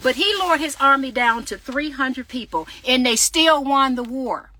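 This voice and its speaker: A bright, fervent woman preaching live into her phone from a parked car. Her voice sits a little high and sounds close and dry. She speaks right to her viewers and reads out their comments. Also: moderate pace, no room sound. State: sweating in a hot car. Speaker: faith podcaster and author. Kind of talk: casual livestream preaching. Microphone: phone livestream.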